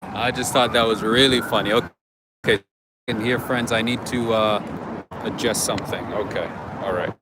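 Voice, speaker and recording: A man's voice: fairly low pitch, steady tone, moderate pace. Chatty man on a busy street. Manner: chatty, rambling storyteller. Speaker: livestream host. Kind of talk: unscripted walking livestream chat. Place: city streets outdoors. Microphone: handheld camera while walking. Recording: loud street traffic noise.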